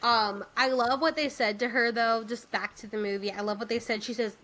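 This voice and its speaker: A woman co-hosting a podcast, chatting casually and retelling a musical's plot with lively quoted voices. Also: fairly high pitch, a little fast, few pauses. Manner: animated retelling with quoted voices, frequent fillers. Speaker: podcast co-host. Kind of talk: casual chat recapping a musical.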